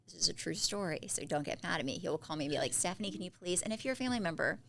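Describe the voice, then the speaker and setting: A woman co-hosting a podcast, chatting casually and telling animated stories. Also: fairly low pitch, very fast, vocal fry. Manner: chatty storyteller, animated quotes. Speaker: podcast co-host. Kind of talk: casual chat.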